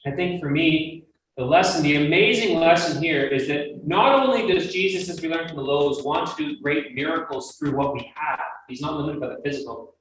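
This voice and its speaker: Male Bible teacher, slightly high voice, emphatic and earnest; recorded from a distance with faint noise. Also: normal speed, a bit bright. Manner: earnest, emphatic, rhetorical questions to listeners. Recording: very echoey room, mic at a distance, faint noise.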